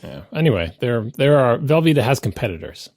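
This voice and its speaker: A man co-hosting a podcast, teasing and pedantic in a deadpan way. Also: mid-range voice, fairly quick, no echo, studio quality. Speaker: podcast co-host. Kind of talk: casual chat.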